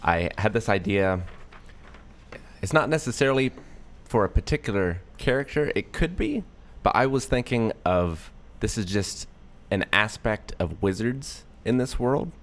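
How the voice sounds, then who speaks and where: A man hosting a casual podcast about tabletop role-playing, relaxed and jokey, thinking aloud. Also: on the low side, measured pace. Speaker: podcast host.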